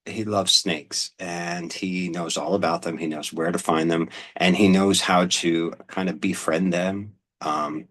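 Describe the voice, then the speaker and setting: A man's voice: low voice, a little slow, few pauses. A man talking casually as a show host, rambling a bit with fillers and restarts, now and then reading from an old newspaper. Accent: Pennsylvania. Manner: relaxed, rambling, with many "um"s and restarts.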